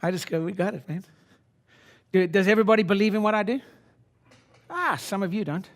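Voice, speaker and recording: He's a brash man in his sixties, fairly quick, with a voice that sits high for a man. Delivering a motivational seminar talk to an audience in a conference room, he alternates between quiet muttered asides and loud, pitched-up rallying cries.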